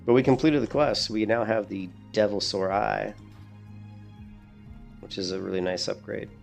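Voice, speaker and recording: A man's voice: fairly low pitch, steady tone, normal speed, vocal fry, faint music behind. A middle-aged man chatting casually while streaming a game, rambling, swearing and laughing at his own stories. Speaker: gaming streamer.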